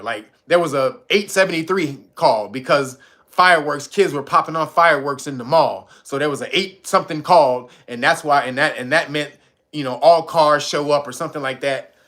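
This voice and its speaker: A man telling a story in casual commentary, swearing freely and slipping into voices for the people he quotes. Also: mid-range voice. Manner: animated, swearing, retelling stories with acted quotes.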